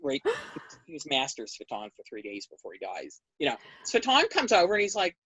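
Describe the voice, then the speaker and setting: A woman guest in an interview, telling a story in a conversational way and acting out the quoted dialogue with big jumps in pitch. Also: wildly swooping pitch, a little fast, fairly bright tone, breathy edge, no room sound, rough recording. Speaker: interview guest recounting history.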